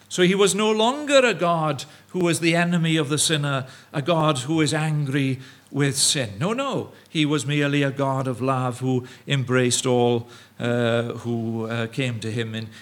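Halting male preacher, higher voice. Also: fairly bright tone. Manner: halting, many fillers and restarts; mimics opponents in quoted asides. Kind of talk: evening sermon.

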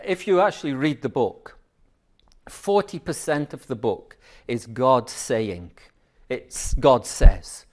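A man's voice: medium pitch, expressive, a little slow. A middle-aged man preaching a sermon in a chatty storytelling way, asking the congregation questions.

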